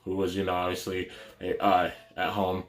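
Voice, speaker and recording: Low-voiced male YouTuber, casual rambling storyteller. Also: monotone, normal speed. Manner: rambling, many fillers and restarts.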